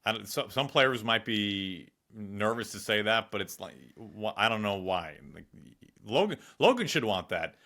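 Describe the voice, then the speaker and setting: A man co-hosting a casual sports chat, playful and quick to tease. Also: on the low side, animated, pushed and bright. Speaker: broadcaster co-host.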